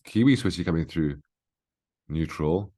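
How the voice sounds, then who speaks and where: Unhurried and mellow, this low-pitched man's voice is also expressive. He hosts a daily market brief as a market analyst, walking through price charts live with casual instruction and frequent "okay?" check-ins.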